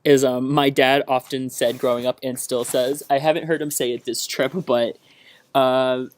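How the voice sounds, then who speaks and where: A man's voice: mid-range voice, little pitch movement, moderate pace. A young man from the American South rambles on a solo podcast, chatty and hyper on a caffeine buzz. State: wired on caffeine. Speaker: podcast host.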